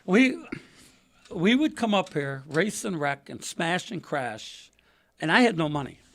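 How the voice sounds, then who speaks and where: An older man, a podcast guest telling racing stories in a casual, animated way, acting out quotes in a raised voice. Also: on the high side, measured pace. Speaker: podcast guest, retired race car driver. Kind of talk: casual storytelling interview.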